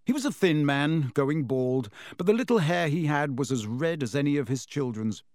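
A man reads a storybook aloud with steady expression and a lively, slightly high voice. The recording is dry and close, with no room sound. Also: normal speed, no echo. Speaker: audiobook reader. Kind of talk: storybook narration.

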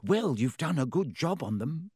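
A man's voice: on the high side, big pitch swings, moderate pace, a little mellow, husky, no echo, studio quality, pitched above the performer's own voice. A man voicing a clever young female student, prim and dryly amused. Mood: wry.

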